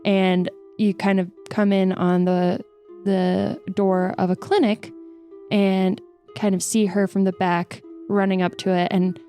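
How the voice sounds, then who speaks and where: A woman's voice: medium pitch, little pitch movement, a little slow, dark tone, faint music behind. A woman playing in a tabletop game, joking and laughing, then narrating a scene vividly. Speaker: player. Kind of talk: tabletop game player banter.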